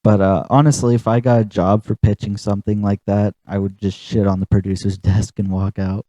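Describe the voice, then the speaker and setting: A man co-hosting a casual comedy podcast, rambling through his pitch and laughing at his own jokes. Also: flat delivery, brisk, warm tone, dry recording, muffled recording. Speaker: podcast co-host.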